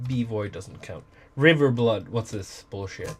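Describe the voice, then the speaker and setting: A man's voice: on the low side, takes it slowly, over music. A middle-aged man chats casually on a live stream, rambling from one thought to the next and swearing freely. His talk stays easygoing and offhand. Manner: loose, profane and rambling. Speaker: music producer streaming from his studio.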